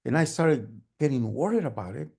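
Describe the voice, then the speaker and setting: A man telling a story at a live storytelling event, animated and humming sewing-machine sounds. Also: mid-range voice, a little fast, gravelly, breathy edge. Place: storytelling event, online gallery view.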